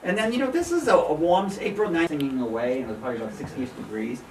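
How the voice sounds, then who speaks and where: Animated man telling stories in an echoey gallery. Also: on the high side, very fast, distant mic, a little hiss or hum. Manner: animated storyteller, acts out quoted voices, laughs often. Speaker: photographer giving a gallery talk. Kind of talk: informal slide talk to an audience. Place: small art gallery with an audience. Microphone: room recording from a distance. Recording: echoey gallery room, voice from off-mic.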